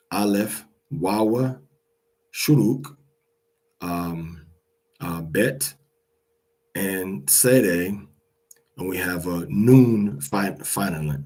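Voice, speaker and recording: A man's voice: deep voice, a little mellow, slightly rough. A man teaching a language lesson, patiently repeating each pronunciation several times.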